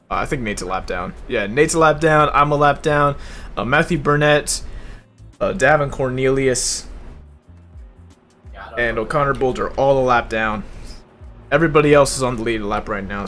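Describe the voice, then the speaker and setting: A young man giving live commentary on an online racing league while driving in it himself, casual and profane, loud and excited at big moments. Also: medium pitch, normal speed, soft background music. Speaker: race commentator and streamer. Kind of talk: live esports race commentary.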